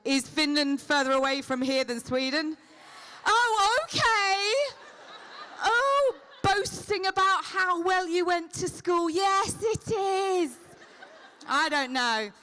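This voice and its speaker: A woman with a high voice teases a live convention crowd in quick comic banter. Her tone is bright and forceful, and she speaks into a handheld microphone from the stage. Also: expressive. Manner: teasing, playful comic patter. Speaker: celebrity convention guest.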